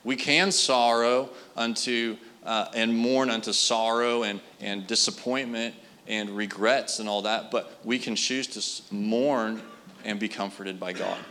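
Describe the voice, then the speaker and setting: Earnest man preaching, bright voice. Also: lowish voice, steady tone, measured pace. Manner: earnest, conversational with frequent fillers. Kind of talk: sermon storytelling.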